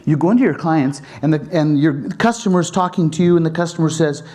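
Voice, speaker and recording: A man giving a conference presentation as a Wi-Fi design instructor, animated and acting out exchanges with customers. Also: fairly high pitch, a little fast. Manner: animated, acts out dialogues with customers.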